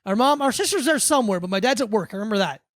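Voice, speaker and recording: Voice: medium pitch, expressive, rapid-fire, dry recording, studio quality. A podcast co-host from Florida, telling a childhood story in loose casual chat full of "like". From Hollywood, Florida, US. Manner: loose, rambling with many "like"s.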